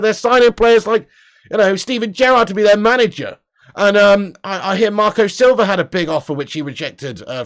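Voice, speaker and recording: A man's voice: sits high, a bit bright. A man hosting a live football fan stream, chatty and swearing freely while laughing and reading out viewer comments. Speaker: football channel host. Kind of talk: casual livestream commentary.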